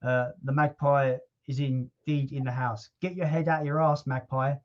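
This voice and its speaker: A man hosting a casual livestream chat, relaxed and chatty, with casual swearing. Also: mid-range voice, normal speed, muffled recording. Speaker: livestream host.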